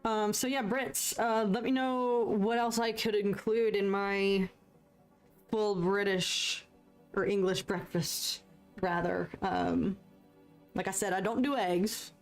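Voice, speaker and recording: A young American woman chatting casually and excitably while painting on a live stream, joking at her own expense and answering viewers. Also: mid-range voice, slow pace, soft background music. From United States. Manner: chatty, excitable, self-deprecating, reads chat aloud.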